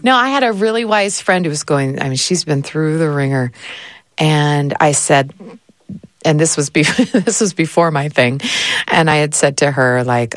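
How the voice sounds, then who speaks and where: Lively laughing woman host, dry close sound. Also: sits low, normal speed, dry recording. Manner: animated storyteller, laughs often, acts out quotes. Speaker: podcast host. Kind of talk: casual conversation.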